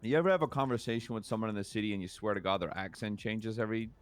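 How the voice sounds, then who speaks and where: A man's voice: fairly low pitch, rapid-fire, soft background music. A man in character as a police officer, telling a story in casual, profane roleplay chat. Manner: casual, swears a lot, storytelling.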